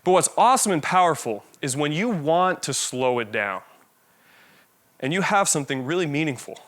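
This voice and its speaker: A man giving a casual, animated lecture on body language and presenting, talking conversationally and demonstrating different energy levels. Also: fairly high pitch, normal speed, long pauses.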